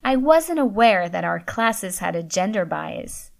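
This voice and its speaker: A woman's voice: mid-range voice, very animated, a little slow, vocal fry. A woman voicing a stern, icy professor. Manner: clipped, icy and formal. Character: stern, curt female professor, middle-aged.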